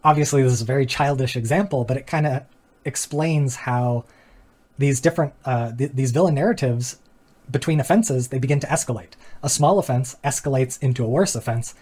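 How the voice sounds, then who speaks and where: A man's voice: medium pitch, dark tone. A man hosting a philosophy channel, giving an earnest, reflective explanatory talk that builds rhetorical questions and walks through diagrams with casual asides. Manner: casual asides with fillers and small laughs.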